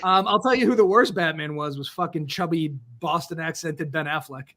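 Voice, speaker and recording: A man's voice: on the high side, moderate pace, bright, forceful tone. A middle-aged American man hosting a casual comedic talk show over a video call, full of joking, self-mocking asides. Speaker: podcast host.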